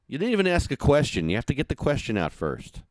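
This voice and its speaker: A man hosting a casual call-in radio show, joking and animated. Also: medium pitch, quick pace, dry recording, clean studio sound. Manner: joking, animated, self-mocking. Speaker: host.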